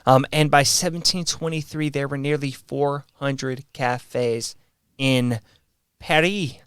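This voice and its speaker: A man's voice: mid-range voice, steady tone, slow pace, fairly bright tone, clear, resonant tone, no room sound, studio quality. A man co-hosting a podcast in a laid-back, casual chat, swearing now and then and running a trivia quiz. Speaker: podcast co-host.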